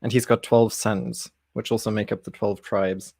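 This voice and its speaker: A man's voice: on the low side, flat delivery, moderate pace, a little mellow, dry recording. A man hosting a casual livestream Bible study, easygoing and chuckling, often restarting his sentences.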